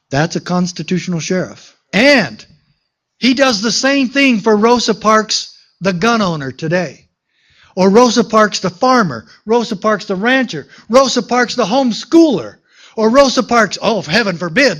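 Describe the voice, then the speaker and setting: High-voiced man giving an emphatic rally speech. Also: expressive, unhurried, a bit bright. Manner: emphatic, storytelling, calls out to the crowd. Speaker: sheriff giving an endorsement speech. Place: outdoor park gathering.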